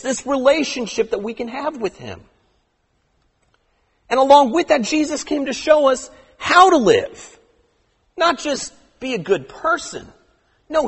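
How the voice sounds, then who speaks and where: A man preaching a sermon with passion, often slowing into quiet, deliberate emphasis. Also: very high-pitched, slightly rough. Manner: impassioned, drops to slow quiet emphasis. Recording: echoey hall.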